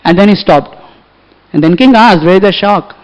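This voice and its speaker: A man's voice: sits high, moderate pace. A man with an Indian English accent preaching a storytelling sermon in a temple hall, animatedly acting out the dialogue. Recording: echoey hall, dull lo-fi recording.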